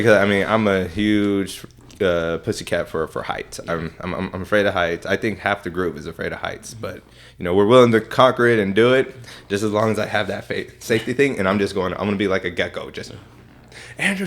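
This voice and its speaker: This man co-hosts a casual podcast talk in a lowish voice. He is playful and often trips over his words. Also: brisk. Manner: playful, stammering restarts. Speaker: podcast co-host. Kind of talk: casual chat.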